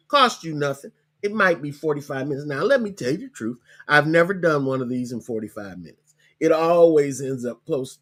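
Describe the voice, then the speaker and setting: A man's voice: fairly high pitch, fairly bright tone. Chatty man coaching online business. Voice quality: hiccups. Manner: chatty, repeats web links slowly, tags lines with okay. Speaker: podcast host.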